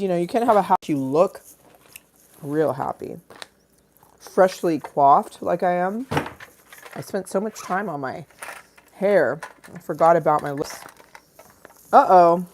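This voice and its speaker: A woman hosting a casual livestream on her phone, playful and crude, swinging between loud bursts and low mutters. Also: slight background noise. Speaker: livestream host. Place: Los Angeles home.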